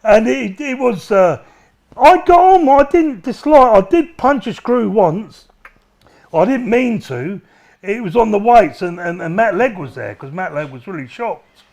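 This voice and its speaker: Animated, high-voiced man telling stories. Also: measured pace, vocal fry. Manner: rambling, profane, laughing storyteller. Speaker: interview guest. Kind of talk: casual storytelling.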